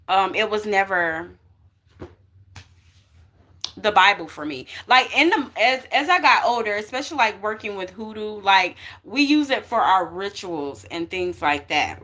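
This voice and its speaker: A woman's voice: medium pitch, pushed and bright. A young woman doing a casual spiritual card reading for her viewers, talking emphatically and checking in with "okay" and "y'all" over and over. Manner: chatty, emphatic, keeps saying okay and y'all.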